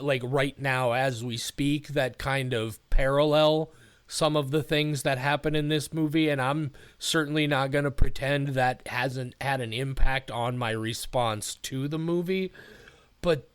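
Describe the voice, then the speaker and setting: A man's voice: medium pitch, clean tone, dry recording. A man hosting a casual podcast, talking emotionally and profanely, rambling with restarts. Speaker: podcast host.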